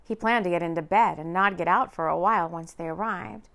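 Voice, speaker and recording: A woman narrating a romance audiobook in an expressive, lively reading. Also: on the low side, a little fast, gravelly.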